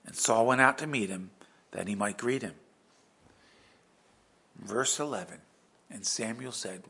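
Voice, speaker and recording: A male pastor preaching a sermon in an emphatic, dramatic storytelling manner that swings between hushed and loud. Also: lowish voice, a little slow, creaky, pauses often, slightly rough.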